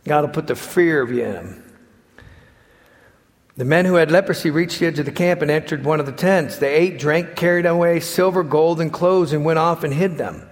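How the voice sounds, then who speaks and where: Guy preaching, kinda high voice, acts out the stories, big long echo in the hall. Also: normal speed. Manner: animated storytelling, acts out quotes and shouts. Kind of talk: sermon.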